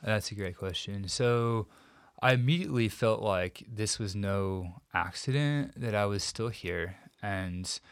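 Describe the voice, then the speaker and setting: A man as an interview guest, recounting a painful personal story in a reflective, halting way with many restarts. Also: fairly low pitch, clean tone, no room sound, clean studio sound.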